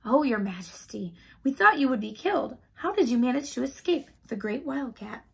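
A woman's voice: on the high side, expressive, brisk, gravelly, slightly rough, exaggerated voice. A woman reading as eager little field mice.

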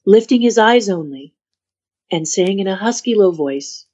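A woman's voice: mid-range voice, lively intonation, moderate pace, darkish tone, slightly rough. A woman telling a story as a podcast guest, dramatic and acting out the voices of the people in it. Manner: dramatic, acts out voices and whispers in her anecdotes. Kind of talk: animated storytelling in a podcast interview. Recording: dull lo-fi sound.

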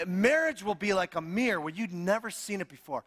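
A middle-aged male pastor with a fairly high voice that swings widely in pitch. He preaches with animated, humorous, self-mocking stories, and his voice rings with a long reverb through a church hall. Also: fairly quick. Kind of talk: sermon.

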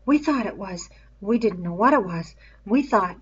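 A woman voicing frightened young twin boys who urge a friend to leave in anxious, hushed voices. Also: medium pitch, animated, normal speed, husky, muffled recording. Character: frightened boy twins, nervous, urging.

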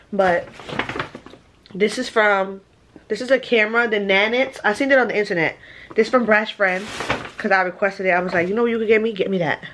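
A woman's voice: mid-range voice, a little hiss or hum. A young woman, out of breath, chatting casually and laughing often as she vlogs from a messy room at home. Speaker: vlogger. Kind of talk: casual vlog chat.

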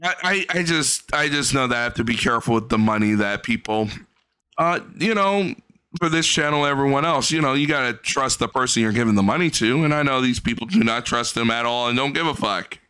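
A man's voice: mid-range voice, animated, a little fast, sharp tone, clean tone. A man casually commenting on a clip, profane and mocking, often mimicking the cat in voices.

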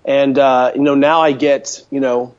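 A man talking as an interview guest over a call, an animated storyteller full of fillers, standing at a home counter. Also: medium pitch, measured pace. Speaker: guest, mobility coach. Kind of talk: casual interview by phone call. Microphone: phone or call line. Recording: dull lo-fi call audio.

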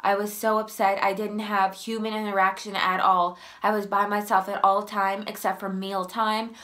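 A woman's voice: mid-range voice, little pitch movement, moderate pace. A young woman speaks straight to her viewers. She has a cold, so she sounds stuffy and a little short of breath. Her voice sighs, climbs and sometimes drops almost to a whisper as she grows emotional. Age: young adult. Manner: emotional, sighing, voice rising and softening. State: sick with a runny nose. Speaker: vlogger telling her life story. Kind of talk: personal storytelling to camera.

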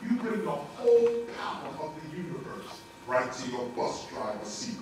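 A man giving a spiritual lecture, preachy and animated, with slangy street talk. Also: fairly high pitch, moderate pace, heavy reverb, far from the mic, background noise. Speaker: spiritual teacher.

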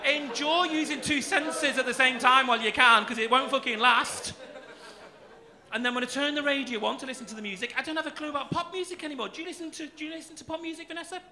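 A man's voice: very high-pitched, fast talker, pushed and bright. A man doing a stand-up set, cheeky and camp, teasing the crowd and swearing freely. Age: 40s. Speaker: stand-up comedian. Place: comedy club stage. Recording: noisy club room with audience. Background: audience laughter.

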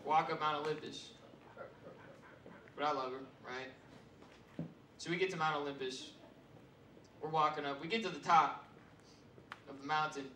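A man doing stand-up, telling a profane story with loud bursts and laughs. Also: on the high side, slight background noise. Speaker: comedian. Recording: roomy stage sound from far mic, audience.

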